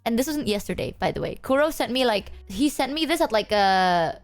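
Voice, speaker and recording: A woman streamer chatting casually with her chat, telling stories in an animated, foul-mouthed way full of fillers. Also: fairly high pitch, fairly quick, soft background music. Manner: animated, swears freely, filler-heavy.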